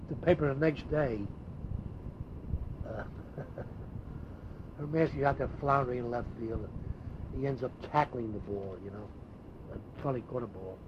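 An older man, a former ballplayer, telling animated anecdotes in an interview, with frequent restarts. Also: medium pitch. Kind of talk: storytelling interview. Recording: dull lo-fi tape with faint hiss.

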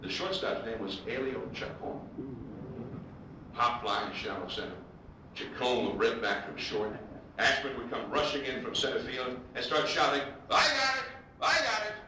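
A male baseball broadcaster telling lively anecdotes to an audience and acting out the quotes. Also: mid-range voice, moderate pace, a little hiss or hum. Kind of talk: storytelling speech to an audience. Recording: echoey hall, distant mic, audience laughter.

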